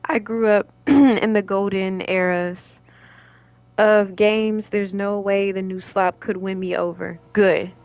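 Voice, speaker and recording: A woman's voice: mid-range voice, fairly even intonation, slow, darkish tone, no room sound. A young woman streamer chatting casually with her viewers, laughing often and rambling with many fillers. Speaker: gaming streamer.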